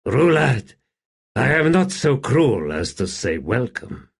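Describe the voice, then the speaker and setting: A man's voice: mid-range voice, big pitch swings, slow pace, vocal fry, slightly rough, pitched above the performer's own voice, heavily acted. A man doing a weary dry-witted smith. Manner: dry, tired. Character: weary, dry-humored middle-aged male smith. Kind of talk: audiobook character voice.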